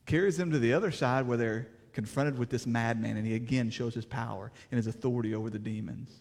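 A man preaching a sermon with emphatic delivery and rhetorical questions, swinging between loud declarations and hushed passages. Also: mid-range voice, fairly even intonation, quick pace, gravelly, big-room sound. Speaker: pastor.

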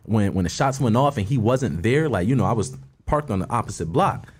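A man's voice: lowish voice, animated, brisk, darkish tone, slightly rough. A man, a guest musician from Philadelphia, telling a story in casual street slang with lots of "you feel me.".

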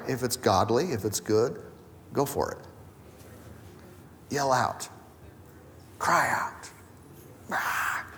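A man's voice: medium pitch, fairly bright tone, in a large hall, a little hiss or hum. A man preaching a conversational sermon as pastor, acting out quoted voices as he goes. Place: church hall.

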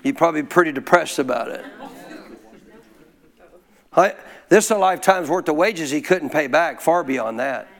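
A man teaching scripture in a folksy, informal way, prompting listeners to answer him out loud. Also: fairly high pitch, moderate pace, long pauses. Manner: call-and-response, prompts listeners to answer aloud. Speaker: Bible teacher. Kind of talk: interactive Bible teaching.

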